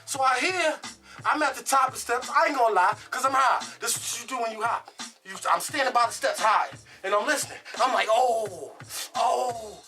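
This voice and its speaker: A woman casually telling a true story in an animated, profane way, laughing as she goes. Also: fairly high pitch, quick pace, faint music behind.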